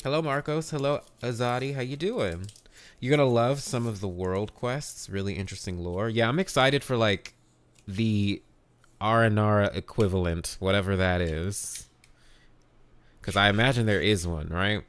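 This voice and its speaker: A man's voice: on the low side, normal speed, clear, resonant tone. A man streaming a video game live, chatting casually and upbeat, greeting viewers by name and swearing now and then.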